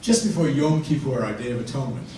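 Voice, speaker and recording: Older american rabbi doing standup, dry pauses, mic far off in a big echoey hall w/ crowd noise. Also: male voice, medium pitch. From United States. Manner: dry joke-telling with punchline pauses. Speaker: rabbi comedian. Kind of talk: stand-up comedy. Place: large hall with audience.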